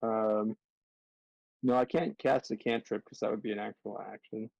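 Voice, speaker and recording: A man playing a tabletop game, slow and hesitant. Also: lowish voice, fairly even intonation, creaky, a little mellow, no echo. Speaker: player. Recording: dull lo-fi sound.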